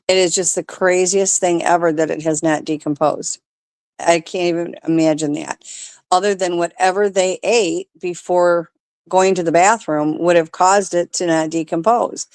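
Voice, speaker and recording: A woman on a radio talk show lays out her view in a confident, conversational way. Her voice sits slightly low for a woman. The sound is dry, with little room around it. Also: steady tone, normal speed, a little mellow, dry recording. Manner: confident, explanatory.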